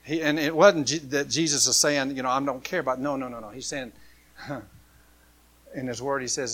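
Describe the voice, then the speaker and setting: A man preaching a sermon, swinging from loud, impassioned passages to hushed ones. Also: mid-range voice, fairly even intonation, normal speed. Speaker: pastor.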